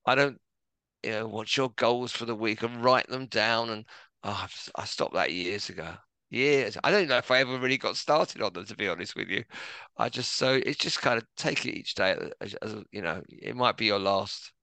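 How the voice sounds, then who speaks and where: A middle-aged man speaks low, with a gravelly rasp and a bright, forward edge to the tone. He talks as a podcast guest, gentle and reflective, poking fun at himself. The sound is close and dry. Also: normal speed, dry recording. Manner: gentle, reflective, self-deprecating, many restarts. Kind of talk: relaxed conversational storytelling.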